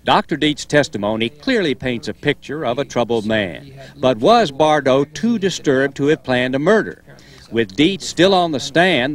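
A male narrator delivers scripted true-crime documentary narration. His reading is steady and serious throughout. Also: medium pitch.

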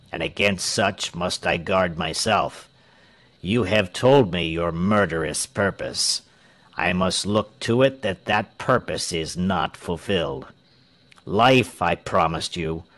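Man reading a cold tyrant governor, low and slow, bossy. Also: a bit bright, dry recording, full character voice.

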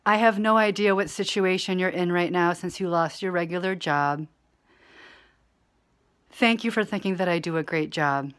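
A woman's voice: on the low side, normal speed, a bit bright, lightly acted. A woman voicing a meek, agreeable man who soothingly promises to handle her money.

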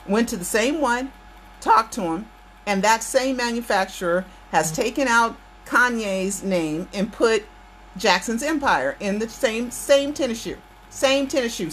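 A woman's voice: on the high side, a bit bright, a little hiss or hum. A woman from the United States hosting her channel, ranting emphatically to her viewers and repeating her points for force. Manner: emphatic, repeats phrases, addresses viewers directly. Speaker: channel host. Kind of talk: impassioned political rant to viewers.

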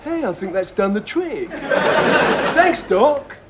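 An actor playing a gloomy hippie student who mumbles slowly in hippie slang. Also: male voice, very high voice, sing-song, heavy background noise, exaggerated voice. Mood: droopy. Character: gloomy slow hippie student, young man. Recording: TV sitcom with loud audience laughter.

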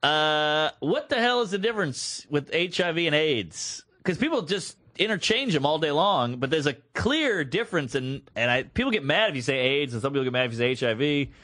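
Bright, lively-pitched man telling stories. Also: fairly quick, hardly any pauses, no room sound, clean studio sound. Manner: animated storyteller, acts out voices in anecdotes. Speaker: podcast co-host. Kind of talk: casual chat.

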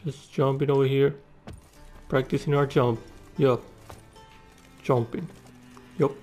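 A man's voice: medium pitch, fairly even intonation, takes it slowly, a little mellow. A man giving profane, exclamatory commentary while playing a video game. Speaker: gaming YouTuber. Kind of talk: let's play commentary. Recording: game music playing behind the voice.

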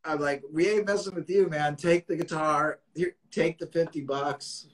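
A man hosting a casual interview chat, telling a story in an animated way, acting out quotes and swearing. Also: a little high, normal speed, poor audio. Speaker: host.

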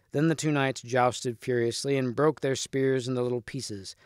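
A man, a teacher, reading a storybook chapter aloud at a clear, steady pace. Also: medium pitch, normal speed, hardly any pauses, no room sound, clean studio sound.

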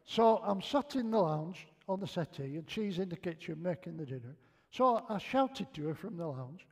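Older man, Northern English accent, high voice, joking church preacher, chatty and self-mocking. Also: expressive, moderate pace, breathy edge. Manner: chatty, self-mocking, acts out shouted lines. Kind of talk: humorous sermon storytelling. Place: church hall.

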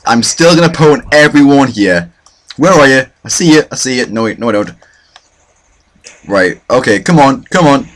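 A young man narrates his own gameplay with a lively voice that swings widely up and down. He mixes self-mocking complaints with mock-boastful trash talk, in a middle pitch. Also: normal speed. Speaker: gaming channel host. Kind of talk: let's play commentary.

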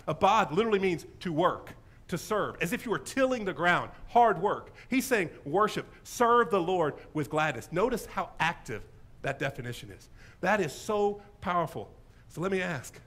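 A man delivers a sermon as pastor, his voice sitting fairly high and leaping all over the place. He is enthusiastic and full of jokes, swinging between big exclamations and softer asides. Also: moderate pace. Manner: animated, humorous, enthusiastic.

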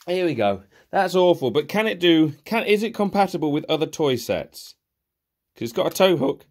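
A man's voice: on the high side, expressive, normal speed, a little mellow. A young man giving sarcastic, exasperated casual commentary while reviewing cheap toys. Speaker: toy reviewer.

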